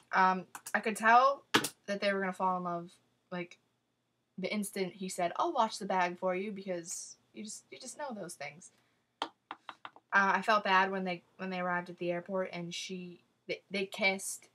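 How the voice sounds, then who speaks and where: Chatty woman with a low voice reviewing a book. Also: fairly bright tone. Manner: gushing and talkative, with many fillers and restarts.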